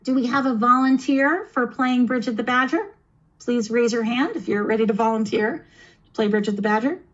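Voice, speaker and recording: A woman with a slightly high voice runs a tabletop adventure for kids as game master. She explains the rules in a chatty, teacherly way and encourages her player. The sound is dull and lo-fi, like a video call. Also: normal speed. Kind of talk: explaining and running a kids' tabletop game demo.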